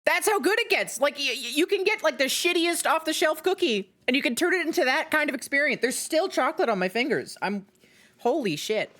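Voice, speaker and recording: A woman talking casually to her live stream chat, her pitch bouncing all over as she rambles. She interrupts herself often and leans on fillers. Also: fairly quick. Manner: rambling, animated, self-interrupting with many fillers.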